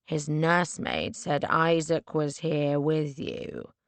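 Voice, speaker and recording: A woman voicing a brazen, tipsy young gentleman who pleads in a hushed, insistent voice in an audiobook. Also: deep voice, steady tone, takes it slowly, clean tone, dry recording. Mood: pleading.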